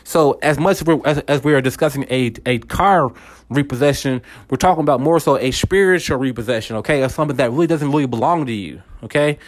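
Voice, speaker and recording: An American man with a medium-pitched voice talks fast in a rambling monologue for his casual faith podcast. He repeats words and keeps checking in with his listeners.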